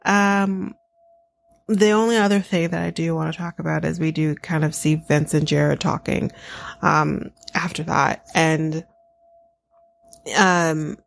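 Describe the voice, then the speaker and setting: A woman's voice: deep voice, slow pace, creaky. A woman hosting a podcast, recapping a show in casual chat, blunt and sarcastic, swearing freely and laughing at her own asides. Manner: lively, laughing asides, addresses listeners.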